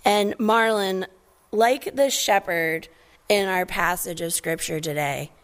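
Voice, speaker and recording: A woman's voice: mid-range voice, slow pace. A woman preacher giving a conversational sermon, reading scripture and retelling a story with animation.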